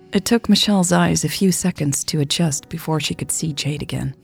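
Woman narrator, low gravelly voice, slow measured audiobook reading, soft music behind.

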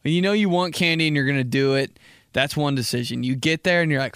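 Gravelly young man rambling a funny story. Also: fairly bright tone, no echo, clean studio sound. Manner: rambling storyteller, drops into slow, low voices when quoting people. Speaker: podcast host. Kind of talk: casual comedic monologue.

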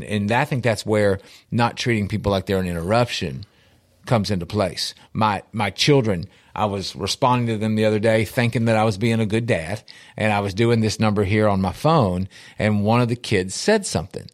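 Animated storytelling man. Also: lowish voice, normal speed. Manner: animated, storytelling, laughs easily. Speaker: guest. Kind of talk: casual talk-show conversation.

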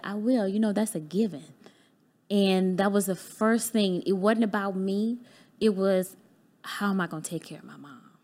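A woman guest on a podcast talks through a personal story in an earnest, heartfelt way. She acts out what people said to her as she goes, and her voice sits at a middling pitch. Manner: candid, acts out remembered dialogue. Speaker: podcast guest, business owner.

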